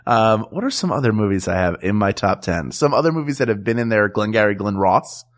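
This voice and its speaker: A man's voice: on the low side, expressive. Easygoing laughing male podcast co-host. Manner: easygoing, laughs often, halting restarts. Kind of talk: casual comedic chat.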